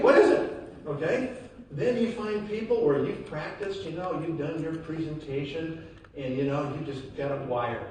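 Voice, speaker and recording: Energetic man speaking in echoey hall. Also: high voice, distant mic, a little hiss or hum. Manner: energetic, rising to loud emphatic peaks, audience questions. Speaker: motivational speaker at a sales event. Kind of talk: live motivational talk to an audience. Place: large hall with audience. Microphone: phone recording from the audience. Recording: echoey hall, phone-streamed from afar.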